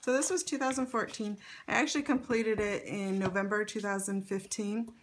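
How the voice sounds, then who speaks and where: A middle-aged woman talks through her scrapbook pages in a loose, chatty way. She pauses on fillers and breaks into light laughs now and then. Her voice sits at an ordinary middle pitch. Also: steady tone, a little hiss or hum. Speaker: scrapbook vlogger. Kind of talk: casual show-and-tell narration.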